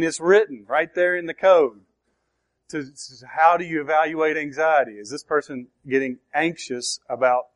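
A man preaching a sermon, slow and emphatic, asking the congregation questions as he explains a verse. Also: fairly high pitch. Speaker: pastor.

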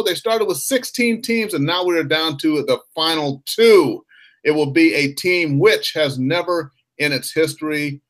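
A man hosting a hockey talk show, slightly high-voiced and upbeat. He introduces his guest with playful, showman-like flair and chats casually about the playoffs. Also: fairly bright tone. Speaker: host. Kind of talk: sports podcast chat.

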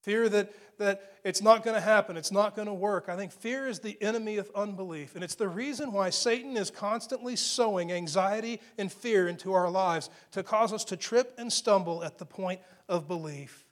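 High-voiced male preacher delivering a dramatic sermon, with emphatic builds and hushed, near-whispered quotes. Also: normal speed, few pauses.

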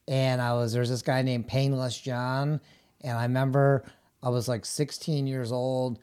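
A man's voice: mid-range voice, level tone, measured pace, a little mellow, clean tone. A middle-aged man chatting casually as a guest, telling rambling stories with laughs and acted-out quoted voices. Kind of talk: casual storytelling chat.

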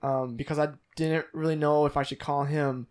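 A man's voice: on the high side, level tone, moderate pace, clear, resonant tone. Man rambling in improvised comedy banter. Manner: rambling, joking, puts on silly voices. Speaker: podcast co-host.

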